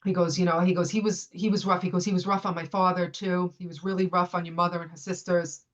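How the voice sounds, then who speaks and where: A woman's voice: lowish voice, quick pace, highs cut off. A woman in her fifties, a podcast guest from the United States, telling a personal story in casual conversation. She tells it with energy and acts out the lines of the people in it. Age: 50s. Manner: animated retelling, acts out what others said.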